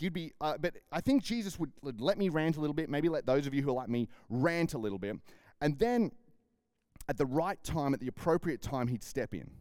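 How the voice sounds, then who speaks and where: A man with an Australian accent preaching a sermon in a lively, conversational way, often repeating words and acting out dialogue. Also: on the high side, dry recording, studio quality. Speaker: pastor.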